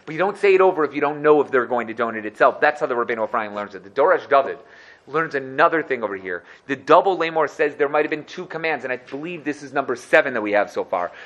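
Man teaching, religious storytelling class, conversational, animated, slightly higher voice. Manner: conversational, animated, asks "right?" often.

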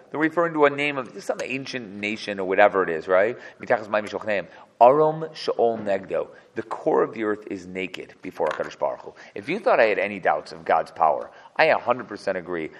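Male Torah teacher, low voice, explains verse by verse, long hall reverb. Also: sing-song, brisk, a little hiss or hum. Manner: explains verse by verse, translating as he goes. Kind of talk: text study class.

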